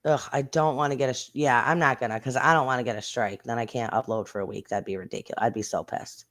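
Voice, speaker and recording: A livestream host reacts to viral clips in a blunt, indignant way, with mild swearing. The voice sits at an ordinary middle pitch and chats straight to the viewers. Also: fairly even intonation, fast, fairly bright tone. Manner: chatty, talks straight to the viewers. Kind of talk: casual livestream commentary on viral videos.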